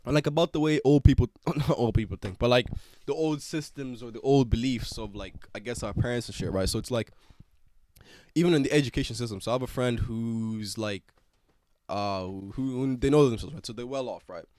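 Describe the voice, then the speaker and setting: A man's voice: medium pitch, brisk, a little mellow, no room sound. A young man in his twenties with an Irish accent, hosting a podcast in a rambling, slangy way. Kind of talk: casual chat.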